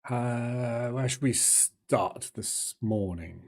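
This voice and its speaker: A man hosting a live trading session, greeting viewers and explaining market news in a casual, halting way with many fillers. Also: medium pitch, darkish tone. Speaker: trading room host.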